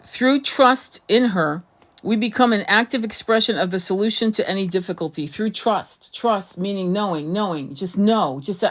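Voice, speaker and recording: A woman giving a casual spiritual teaching straight into her phone or webcam. She talks earnestly and loosely, restarting sentences and doubling up words as her thoughts run on, in a voice of ordinary middle pitch. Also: moderate pace, fairly bright tone. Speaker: tarot reader and spiritual coach.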